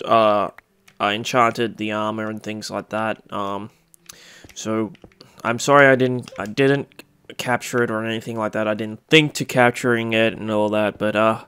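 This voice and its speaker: A young man giving casual, rambling commentary over a game he is playing, full of fillers and excited outbursts. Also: clear, resonant tone. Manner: rambling, excitable, bursts into squeaky cutesy voices. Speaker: Minecraft let's-play host.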